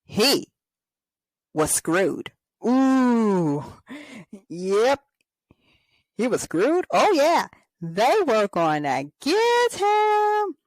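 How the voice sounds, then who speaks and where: On her toy fan show, a woman chats casually and performs skits, retelling scenes in a giggly, rambling way with frequent laughter. She speaks extremely slowly with long pauses, her slightly high voice swinging widely in pitch, in a low-quality recording without echo.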